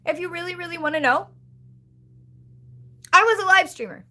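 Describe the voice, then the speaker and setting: A woman's voice: very high voice, moderate pace, pauses often, sharp tone. A young woman live streaming, chatting casually and rambling with lots of fillers and giggles as she thanks viewers.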